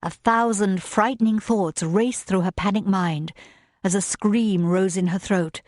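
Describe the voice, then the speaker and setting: A woman narrating a romance audiobook in a measured, even reading style. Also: mid-range voice, no room sound, clean studio sound. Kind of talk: scripted narration.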